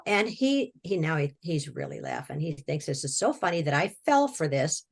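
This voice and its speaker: A woman from Washington state with a slightly low voice tells a long personal story as an interview guest. Her talk is folksy and plainspoken, with repeated words and quick little laughs. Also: sing-song, husky. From Washington state, USA. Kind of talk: personal storytelling, recounting a near-death experience.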